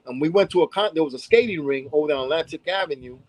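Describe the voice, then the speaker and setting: Fast and expressive, this man's fairly high voice comes through a dry, rough recording. He's a Brooklyn-born hip hop dance pioneer with a New York accent, recounting old stories in an interview, doing voices and frequently asking "you know what I'm saying?"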